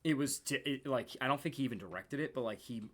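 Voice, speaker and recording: A man co-hosting a casual podcast chat, excitable and rambling, with frequent swearing. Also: mid-range voice, fast talker. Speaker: podcast co-host.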